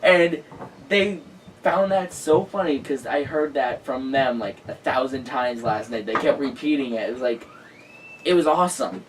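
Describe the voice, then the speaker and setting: Male host, excitable storyteller, heavy with fillers, a bit distant from the mic with faint noise. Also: medium pitch, normal speed. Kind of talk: casual chat.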